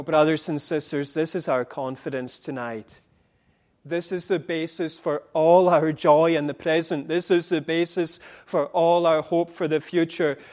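A man with a high-pitched voice preaching a sermon. He retells scripture as vivid dialogue, rising into impassioned declaration and then sinking to near-whispered intimacy. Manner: dramatic retelling with impassioned dialogue, dropping to hushed tones.

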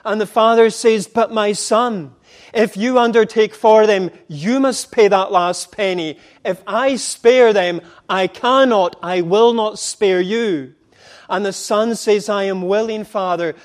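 A man preaching a sermon, retelling scripture as dramatic dialogue, at times impassioned and at times dropping to a hush. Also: sits high, slow.

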